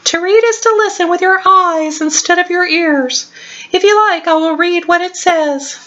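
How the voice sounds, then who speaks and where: A woman voicing a tiny, timid but clever female mouse in a storybook reading, squeaky and eager. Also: normal speed, fairly bright tone, muffled recording.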